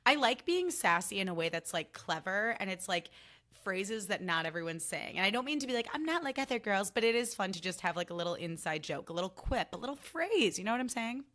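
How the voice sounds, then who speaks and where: Sassy, bright-voiced podcast host woman. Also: medium pitch, brisk. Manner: animated, sassy and self-mocking, often acting out quotes. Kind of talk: casual solo podcast chat.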